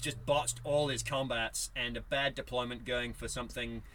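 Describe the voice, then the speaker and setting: A man co-hosting a podcast, telling a tabletop game story in a lively, animated way. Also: mid-range voice, normal speed, a little hiss or hum, poor audio. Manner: animated storyteller, acts out dice moments. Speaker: podcast co-host. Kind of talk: casual chat recapping a tabletop game.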